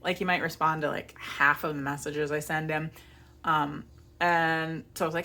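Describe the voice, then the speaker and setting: Bright-voiced woman chatting animatedly. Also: lowish voice, moderate pace. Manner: animated storytelling, acting out her own panicked apologies. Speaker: vlogger. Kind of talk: casual chat.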